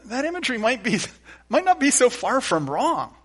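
A pastor preaching a sermon, reading scripture aloud with emphatic repeated refrains. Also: male voice, extremely high pitch, sing-song, moderate pace, fairly bright tone.

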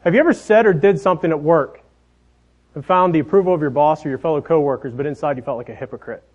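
A man in his thirties preaching a sermon, telling family stories in a folksy way, often dropping softer at the ends of his phrases. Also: on the high side, quick pace. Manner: folksy storytelling, trailing off softly at phrase ends. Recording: dull lo-fi sound.

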